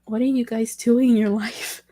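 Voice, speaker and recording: A woman's voice: fairly high pitch, fairly even intonation, moderate pace, mellow, no echo. A woman whose first language is Spanish, chatting casually on a livestream in a rambling, curious and apologetic way.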